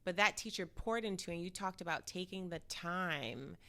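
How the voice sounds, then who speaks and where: A woman's voice: fairly low pitch, normal speed, gravelly, fairly bright tone. A woman hosting a podcast in casual conversation, emphatic and encouraging, with frequent affirming murmurs. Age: adult teacher, several years since first teaching. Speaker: podcast host.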